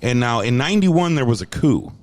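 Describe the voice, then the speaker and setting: A man's voice: mid-range voice, very animated, fairly quick. A man hosts a loose podcast chat with a voice that rises and falls all over the place. He tells rambling, profane stories and slips into mocking put-on voices. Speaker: podcast host. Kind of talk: casual chat.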